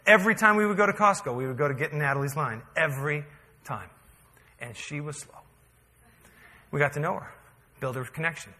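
A man's voice: on the high side, brisk, pauses often, sharp tone. A man preaching a sermon as pastor, telling a story in a conversational, humorous way that builds to emphatic peaks. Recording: hall reverb.

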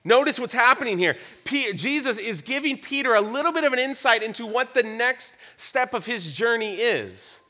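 High-voiced, bright earnest preacher man. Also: lively intonation, normal speed, few pauses. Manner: earnest, reflective, repeats words. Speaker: pastor. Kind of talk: sermon.

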